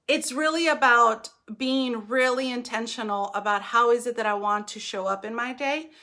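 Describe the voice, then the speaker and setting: A woman in her thirties hosting a motivational live video for mothers, chatty and animated, often checking in with "right?". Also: on the high side. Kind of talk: motivational casual talk.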